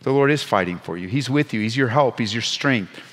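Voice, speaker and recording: A man preaching as a pastor at a Bible study, moving between hushed, intimate lines and loud, urgent exhortation, with playful asides. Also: mid-range voice, expressive, brisk, long reverb tail. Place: church sanctuary.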